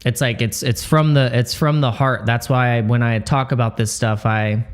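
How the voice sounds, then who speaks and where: A man hosting a livestream who talks in a halting, emotional way, full of restarts and fillers, choked up and close to tears. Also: medium pitch, fairly even intonation, clean tone. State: tearful, choked up. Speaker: crypto livestream host. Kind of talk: casual livestream chat.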